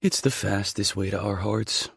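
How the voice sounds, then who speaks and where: A man's voice: on the low side, normal speed, vocal fry, a bit bright, husky, no room sound, clean studio sound, pitched above the performer's own voice, full character voice. A man playing a cocky, teasing hockey player. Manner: confident, teasing. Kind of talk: audiobook character voicing.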